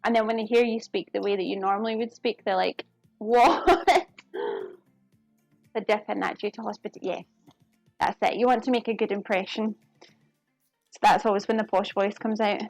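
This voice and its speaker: A woman from the United Kingdom cooks on a live stream in her home kitchen, talking a little fast in a mid-range, gravelly, slightly mellow voice with fairly even intonation and frequent pauses. She is chatty and giggly with viewers as she works, recorded close and dry without echo over faint music.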